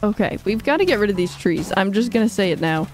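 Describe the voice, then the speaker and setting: Talking fast and with lots of animation, she speaks in a mid-range voice over faint background music. It's a relaxed livestream where she plays a game, rambles cheerfully and reads comments from viewers.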